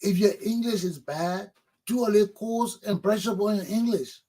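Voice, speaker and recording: A middle-aged man with a Liberian accent hosts a talk show, his high-sitting, mellow voice moving at a moderate pace. He delivers an animated, emphatic and preachy opinion monologue that keeps repeating its points.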